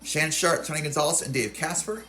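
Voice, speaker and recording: A man's voice: fairly high pitch, quick pace, pushed and bright, soft background music. A young man hosting a casual video game commentary, reading off rosters and stats and often correcting himself. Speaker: video game channel host.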